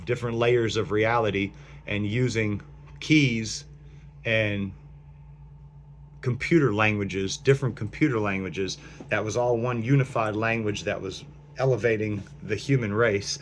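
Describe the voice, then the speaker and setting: Low-ish voiced guy rambling into his phone, lots of um and you know, faint hum behind. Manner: meandering, full of fillers and restarts. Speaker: vlogger. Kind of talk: rambling speculative monologue.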